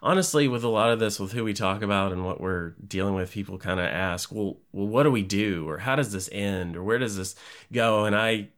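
A man's voice: on the low side, a little fast, a bit bright. A man hosting a podcast interview, speaking earnestly and hesitantly. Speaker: podcast host.

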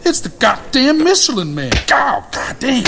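A man's voice: extremely high pitch, big pitch swings, unhurried, gravelly, noisy background, voice pushed up, exaggerated voice. A man voicing a sassy, scolding elderly woman cook with a folksy drawl in a comedic audio drama. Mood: wry.

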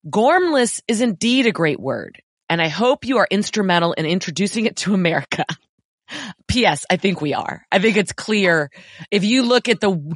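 A woman's voice: lowish voice, dry recording, studio quality. A woman co-hosting a podcast, reading listener letters aloud with wry, blunt asides. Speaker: podcast co-host.

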